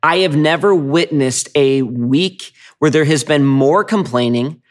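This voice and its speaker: A pastor delivers a sermon in a casual, talky manner, his voice sitting a little higher than most men's. He often restarts phrases and repeats a word before pushing on. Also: a little slow. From Michigan. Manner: conversational, repeats words when starting phrases.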